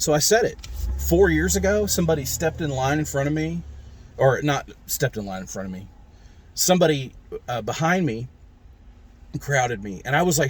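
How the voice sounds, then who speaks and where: A man's voice: mid-range voice, expressive, moderate pace. A man casually telling a rambling, candid story in his own video diary, recorded on a phone in a vehicle. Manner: rambling, candid, self-described talker. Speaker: mental health vlogger.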